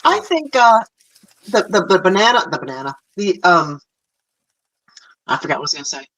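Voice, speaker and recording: A co-host chatting casually on a talk show, trading wry quick quips. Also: medium pitch, very animated, a bit bright. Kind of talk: casual morning-show banter. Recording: dull lo-fi sound.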